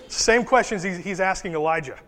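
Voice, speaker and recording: A man preaching a sermon as a pastor, animated and conversational, dropping into quick voices for Bible figures. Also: sits high. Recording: reverberant hall.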